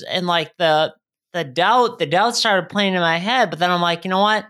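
A man in his thirties, a guest speaker telling his own story in a podcast interview, earnest and halting with frequent restarts. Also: sits high, sharp tone.

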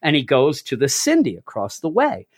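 A man's voice: on the high side, wildly swooping pitch, normal speed, slight background noise. A man hosting a casual chat, retelling a comic story animatedly and acting out the quotes. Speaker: podcast host.

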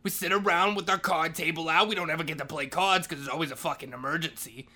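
A grumpy school janitor, played by a man, rants about his job, swearing at nearly every turn. The voice sits high and sounds bright and sharp. He grouses and curses his way through a comedy monologue. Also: steady tone, fast talker. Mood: grousing. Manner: profane, ranting, swears constantly. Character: foul-mouthed grumpy male school janitor, always ranting.

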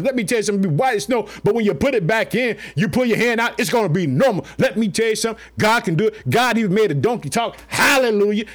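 A male preacher with a notably high voice, delivering a fiery sermon. He drives his points home with repeated refrains and call-and-response questions to the congregation. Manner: exhorting, repetitive "let me tell you something", call-and-response.

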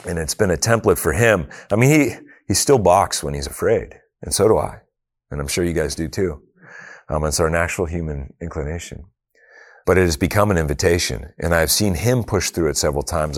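Deep middle-aged guy, earnest faith talk, chatty with lots of "you know". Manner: earnest, conversational, with many "you know" asides. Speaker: speaker. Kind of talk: faith talk with personal storytelling.

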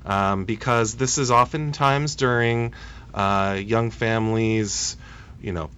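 A man in his thirties, a policy analyst guest on a radio interview, speaking in a hesitant, halting way with many restarts. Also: on the low side, fairly even intonation, fairly bright tone, a little hiss or hum.

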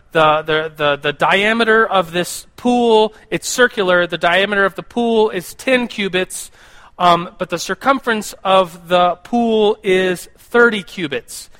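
A man's voice: sits high, fairly bright tone. A young man speaking casually to a group as a teacher of the Bible, often repeating words and stopping to ask the listeners questions. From United States. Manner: rambling, repeats words, asks the audience questions. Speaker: youth pastor or Bible teacher. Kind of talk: casual sermon to a live group.

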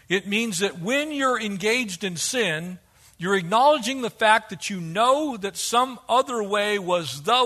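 A male preacher with a high, bright voice that swoops all over as he speaks. He is animated and slips into quoted voices to make his point. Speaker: pastor. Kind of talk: sermon.

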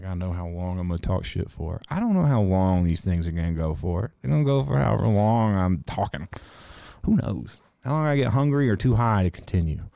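A man's voice: sits low, vocal fry, dark tone, no room sound. A young man hosting a casual podcast, telling rambling stories full of swearing in a laid-back way. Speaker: podcast host. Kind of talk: casual livestream podcast monologue.

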